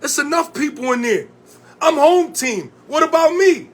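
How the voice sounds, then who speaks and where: A man from Connecticut with a notably high voice delivers a confrontational vlog rant. He swears freely and fires off repeated questions. He sounds like a community organizer calling people out. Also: expressive, normal speed. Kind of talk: heated direct-to-camera rant.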